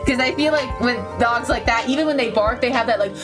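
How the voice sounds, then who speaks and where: Playful high-voiced woman reading a game. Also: brisk, music in the background. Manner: playful, giggly, switches between narrating and chatter. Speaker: let's-play host. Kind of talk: reading a game aloud with commentary.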